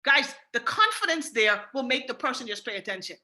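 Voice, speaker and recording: Bahamian woman, team trainer: bright, high voice with lots of swing, emphatic and direct. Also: sing-song, a little fast. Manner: emphatic, repetitive, addresses listeners directly.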